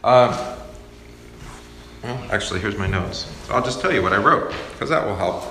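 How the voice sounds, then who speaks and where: Low guy teaching bible study, casual with lots of ums, echoey room. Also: normal speed. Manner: relaxed and conversational, with many fillers. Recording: echoey hall with faint ambience.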